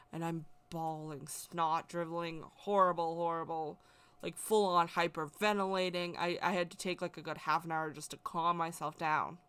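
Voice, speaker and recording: A woman tells a personal story in a loose, emotional, rambling way. Her voice sits a little low, and she circles back over the same words as she talks. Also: level tone, moderate pace, fairly bright tone, smooth. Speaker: spiritual vlogger.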